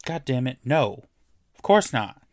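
A man's voice: mid-range voice, very animated, measured pace, no echo, clean studio sound. A man co-hosting a casual podcast, wry and self-mocking, talking over a call. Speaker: podcast co-host. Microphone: home mic on a Skype call.

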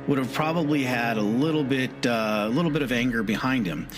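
A man's voice: medium pitch, moderate pace, over music. A man hosting a podcast, narrating casually with frequent hesitant fillers. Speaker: podcast host.

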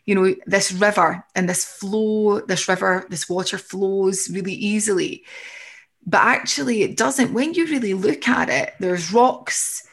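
Woman coach, calm and reassuring, average pitch, reflective delivery. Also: a little slow, breathy edge. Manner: reassuring, reflective, voices inner thoughts. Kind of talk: coaching conversation.

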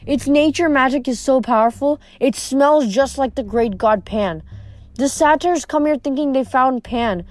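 A woman voicing a frightened young male satyr, high and pleading. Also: darkish tone, dry recording, natural voice.

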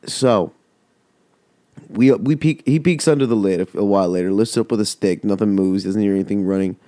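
A man's voice: fairly low pitch, a little fast, mellow, no echo, clean studio sound. A man hosting a podcast, telling a rambling, heavily profane story in casual chat. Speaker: podcast host.

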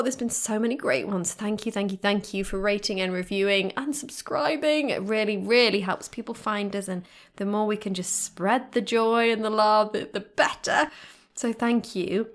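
Bubbly woman hosting a podcast. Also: medium pitch. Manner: effusive, bubbly, repeats thanks. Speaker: podcast host. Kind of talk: casual podcast chat, reading listener reviews.

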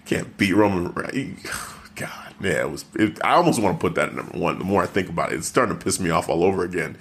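A man with a somewhat low voice co-hosts a casual wrestling chat. He gets animated and worked up as he talks, tripping over his words and restarting often. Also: quick pace, gravelly, a little hiss or hum. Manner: animated, frequent stammered restarts. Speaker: podcast co-host.

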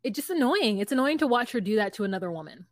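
A woman's voice: on the high side, big pitch swings, rapid-fire. A woman co-hosting a podcast, retelling a scene in casual chat and acting out both sides of it. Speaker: podcast co-host.

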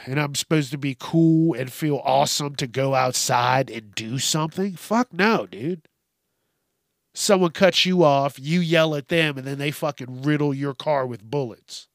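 A man's voice: on the high side, unhurried, dry recording, studio quality. A man hosting a podcast, ranting with heated, sweary sarcasm. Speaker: podcast host. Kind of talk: profane comedic rant.

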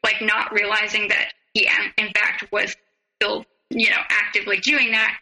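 Woman, interview guest, close to tears, piercingly bright tone, halting, filler-heavy. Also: mid-range voice, completely flat delivery, low-quality recording. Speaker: podcast guest. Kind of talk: personal storytelling in an interview.

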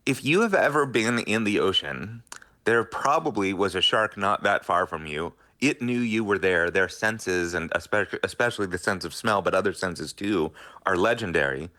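Middle-aged male scientist guest, low voice, forceful bright delivery, earnest explainer. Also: lively intonation, moderate pace. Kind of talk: radio interview answers.

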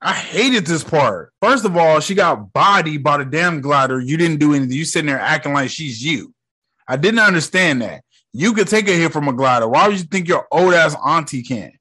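A young man giving casual movie reaction commentary, animated and profane, with loud exclamations. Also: a little high, moderate pace, breathy edge.

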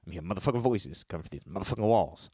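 A man's voice: low voice, expressive, racing, a little mellow, slightly rough, no room sound, clean studio sound, pitched below the performer's own voice. A man voicing a famous male pop star who insists, with a lot of swearing, that he hears voices in the walls. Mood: agitated. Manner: insistent, profane, agitated.

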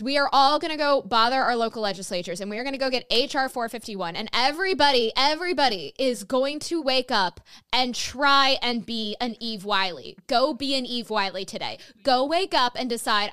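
Podcast host, young woman, slightly high, animated and profane. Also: normal speed, hardly any pauses, clear, resonant tone. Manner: animated, swears freely, spirited. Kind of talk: casual interview chat.

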